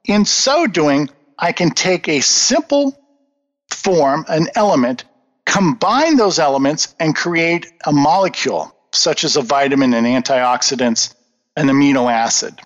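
A man's voice: on the high side, expressive, measured pace. A man answering interview questions in an earnest, emphatic, lecturing manner. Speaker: guest. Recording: dull lo-fi audio with long reverb.

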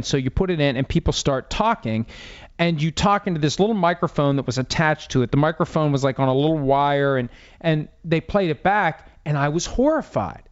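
A man hosts a casual sports podcast in a smooth, resonant voice. He rambles wryly and makes fun of himself. The sound is a little dull and lo-fi. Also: on the high side. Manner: wry, self-deprecating, rambling. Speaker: podcast host.

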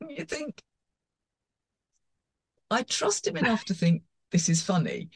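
A woman, a former marketing director, chatting as a guest on a podcast in a lively way, acting out reactions as she talks. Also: medium pitch, slow, slightly rough. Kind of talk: casual podcast discussion.

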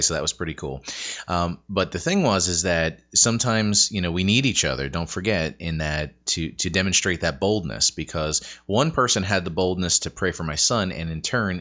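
A man's voice: sits low, bright, forceful tone, muffled recording. A man hosting a talk show, explaining points and speaking straight to listeners. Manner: explanatory, addresses listeners directly. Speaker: host. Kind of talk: conversational podcast talk.

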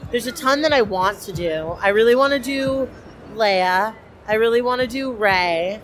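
A woman's voice: fairly high pitch, normal speed, a little hiss or hum. A young woman cosplayer, chatty and enthusiastic with many fillers, interviewed at a convention. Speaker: cosplayer guest.

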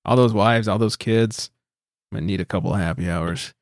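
A man's voice: lowish voice, moderate pace, no echo, clean studio sound. A man hosting a beer podcast in loose, joking casual chat, swearing freely. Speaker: podcast host.

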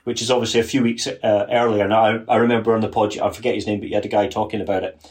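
A man speaks casually as a podcast guest, his voice sitting a little low. He is earnest and often doubles back on his words while working through a point. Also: little pitch movement, rapid-fire, a little mellow. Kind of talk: casual conversation.

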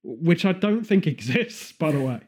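A man's voice: a little high, very animated, normal speed, a little mellow, slightly rough. A man from Birmingham with a Birmingham accent, chatting casually and rambling, laughing often. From Birmingham, England. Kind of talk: casual chat.

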